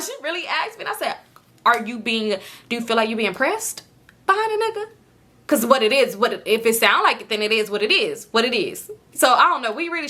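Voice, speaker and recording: Lively, bright-voiced young woman telling stories. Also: a little high. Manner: animated, profane, quotes people in lively voices. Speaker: vlogger telling a story. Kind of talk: casual storytime.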